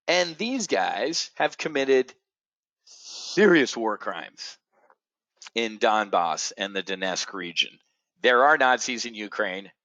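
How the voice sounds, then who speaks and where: A middle-aged man hosting an options trading show, ranting in a blunt, profane, sarcastic way that swings from low muttering to loud outbursts. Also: no echo, lo-fi sound. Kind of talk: ranting monologue.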